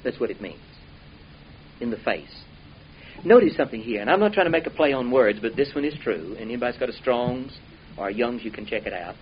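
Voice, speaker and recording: Guy preaching, folksy and emphatic, gets loud then drops soft, muffled old recording. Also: medium pitch, lively intonation, a little fast. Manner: folksy, emphatic, rising and dropping volume. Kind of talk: sermon. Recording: dull lo-fi recording with faint hiss.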